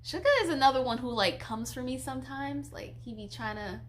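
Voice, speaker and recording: A young woman talks casually on a live stream, her voice sitting a little high and full of giggles. She gushes like an excited fan as she reads out viewer questions. A faint hum runs quietly under her voice. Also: brisk. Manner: chatty, giggly, gushing fangirl.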